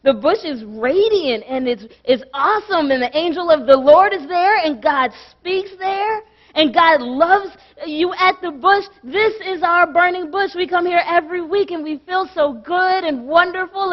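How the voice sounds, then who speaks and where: Woman pastor, high voice, dramatic preaching with repeated phrases, muffled church recording. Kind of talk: sermon. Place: church sanctuary.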